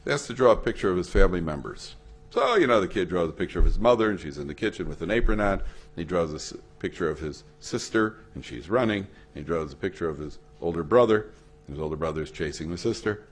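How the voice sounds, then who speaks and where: A man with a very low voice lectures as a rabbi, telling stories in a chatty way. He jumps higher in pitch to act out the people he quotes. His speech is sprinkled with Hebrew and Yiddish words. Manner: storytelling, acts out quoted voices with big pitch swings; conversational, uses Yiddish and Hebrew terms. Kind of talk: lecture to an audience. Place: hall at a memorial event.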